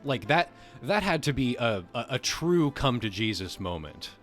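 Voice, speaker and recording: A man's voice: mid-range voice, big pitch swings, moderate pace, a bit bright, soft background music. A man hosting a live stream, reading a text aloud and breaking off into joking, casually profane asides to his chat. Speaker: livestream host.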